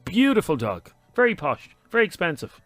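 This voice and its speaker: A man's voice: high voice, big pitch swings, brisk, a bit bright, no echo, faint music behind. A man co-hosting a radio talk show, teasing and opinionated. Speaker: radio co-host. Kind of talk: casual chat.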